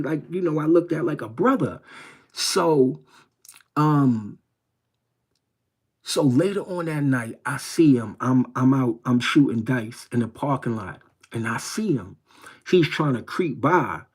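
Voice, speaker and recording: A man's voice: medium pitch, a little mellow. A middle-aged man from New York City tells a personal story in casual, streetwise speech. He rambles and circles back to repeat his phrases as he talks on his livestream. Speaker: livestream host.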